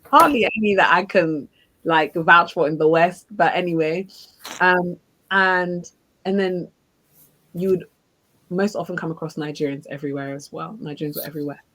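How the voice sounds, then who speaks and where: Lower-voiced woman, chatty. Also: normal speed, a bit bright, poor audio. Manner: chatty, thinks aloud with hesitations. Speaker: guest. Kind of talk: casual conversation.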